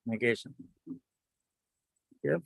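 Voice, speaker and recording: Man teaching math online. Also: no room sound. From India. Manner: coaxing students to answer quickly.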